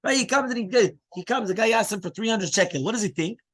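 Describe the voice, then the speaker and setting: A man, a rabbi, giving a lively Torah class in English mixed with Hebrew terms. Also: high-pitched, fast talker. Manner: animated teaching, mixing English with Hebrew terms.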